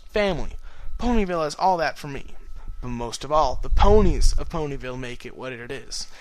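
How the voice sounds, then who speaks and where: A man's voice: mid-range voice, lively intonation, a little fast, lightly acted, low-quality recording. A man voicing an earnest, protective young male dragon in a storybook reading. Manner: earnest, cheerful teasing.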